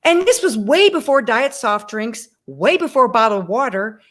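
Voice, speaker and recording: A woman in her sixties, a guest on an interview show, shares her life story at a moderate pace. Her voice sits a little high, and she animatedly acts out the dialogue and addresses her listeners directly.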